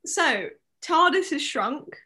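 A woman's voice: sits high, big pitch swings, pushed and bright. A young woman, co-hosting a casual podcast chat, chatty and giggly. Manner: chatty, giggly, recaps plot quickly. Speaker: podcast co-host.

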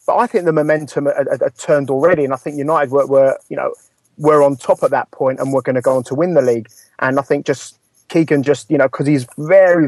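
A man's voice: medium pitch, a little mellow, no echo. A man, a Manchester United fan, giving a thoughtful, hedging take in a casual podcast chat.

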